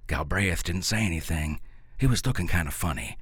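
A man narrating a story in a deadpan, folksy dialect delivery. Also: low-pitched, a little fast, husky, dry recording. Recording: dry close mic, faint music.

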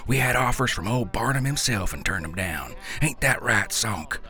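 A man doing a gruff old hillbilly uncle. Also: fairly low pitch, lively intonation, normal speed, bright, forceful tone, soft background music, voice pushed up. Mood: dismissive. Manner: gruff, curt, growling.

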